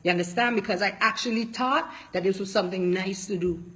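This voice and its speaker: A woman's voice: mid-range voice, brisk, fairly bright tone. A woman politician giving an impassioned, emotional public statement, speaking emphatically and repeating her points.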